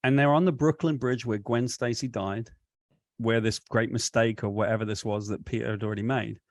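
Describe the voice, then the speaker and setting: A man in an interview spins a long, winding anecdote, circling back and correcting himself as he talks. His voice sits in an ordinary middle pitch, recorded close and dry with no room sound. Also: a little fast, no room sound. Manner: rambling, animated retelling with self-corrections. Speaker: comic book writer, guest. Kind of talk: storytelling interview answer.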